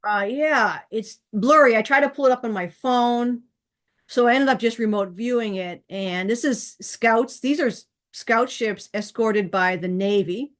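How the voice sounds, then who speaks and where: A woman's voice: a little high, a little slow. Chatty woman telling a rambling story. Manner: chatty, rambling, with frequent fillers and acted-out quotes. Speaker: channel host. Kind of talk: casual storytelling to camera.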